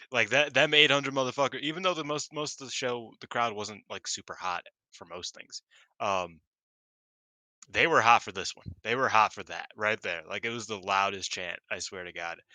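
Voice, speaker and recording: Male podcast co-host, animated rambler, very bright timbre, dry close mic. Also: fairly low pitch, normal speed, no echo. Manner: excitable, swears, long-winded, laughs often. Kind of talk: casual wrestling review chat.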